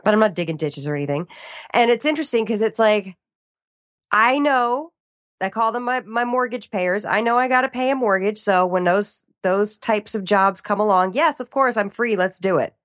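A woman voiceover artist chatting as a podcast guest, animated and playful with quick asides. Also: medium pitch, dry recording, studio quality. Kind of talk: casual chat.

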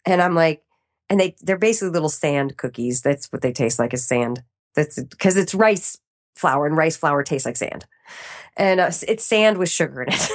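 A deep-voiced woman talks at a moderate pace as a podcast guest. The interview is casual, and she keeps it animated, laughing often as she performs her own reactions.

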